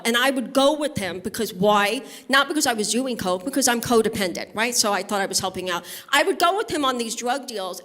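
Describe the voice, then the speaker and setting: A woman's voice: a little high, a bit bright. A woman from Brooklyn doing a stand-up comedy set on a studio stage, talking conversationally and bantering with the audience. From Brooklyn, New York. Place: live music studio stage.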